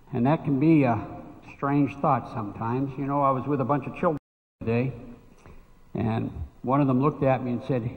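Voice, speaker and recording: A man preaching a sermon as pastor, telling stories and acting out both sides of a conversation. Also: medium pitch. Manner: storytelling, acting out dialogue with a child. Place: church sanctuary. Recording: echoey church hall, phone-like thin sound.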